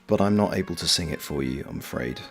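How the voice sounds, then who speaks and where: A man's voice: very deep voice, animated, fast, creaky. A man hosting a casual livestream, chatting and reading viewer messages aloud. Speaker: livestream host. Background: soft lo-fi background music.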